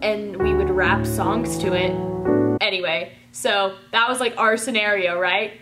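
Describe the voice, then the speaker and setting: A woman telling a rambling, chatty storytime, full of "like" and excited gushing. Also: mid-range voice, measured pace, loud music behind the voice. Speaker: vlogger. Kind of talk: casual storytime.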